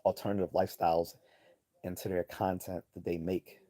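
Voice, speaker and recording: Man, livestream host, low pitch, very dark mellow tone, blunt profane rambling commentary. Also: flat delivery, fairly quick. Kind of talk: opinionated live commentary reading chat.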